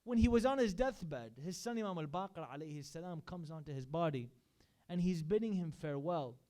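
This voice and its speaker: A man's voice: on the high side, expressive, brisk, mellow. A man giving a sermon at a religious gathering, earnestly recounting stories with quoted speech. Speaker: majlis speaker. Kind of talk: sermon storytelling. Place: religious center hall.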